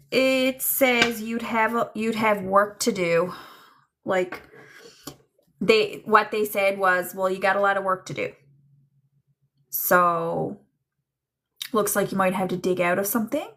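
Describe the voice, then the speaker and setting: Woman, livestream psychic host, casual and chatty, frequent laughs, creaky voice. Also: mid-range voice, a bit bright, slight background noise. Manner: chatty, relays messages in quotes, laughs often. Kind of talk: live-streamed spirit and tarot reading.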